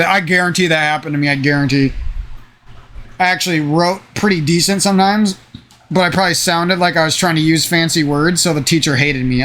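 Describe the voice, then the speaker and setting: A man's voice: fairly high pitch, fairly bright tone, slight background noise. A young man chatting in a casual, meandering way, swearing often and drifting into rants, with a slightly nasal voice. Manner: meandering, profane, ranting. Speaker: gaming channel host. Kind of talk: casual rambling chat.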